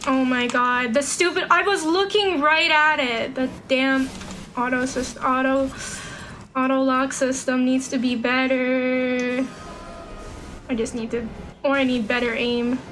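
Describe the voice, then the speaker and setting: High-voiced excitable woman gaming streamer. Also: a little slow, soft background music, poor audio. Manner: excitable, swears at the game, rambles. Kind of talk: casual gaming commentary.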